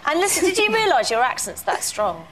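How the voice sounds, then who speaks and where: A woman's voice: sits high, huge pitch swings, a little fast, over a noisy crowd, poor audio. A woman hosting a live studio interview, teasing and playful with her guest. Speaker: show host.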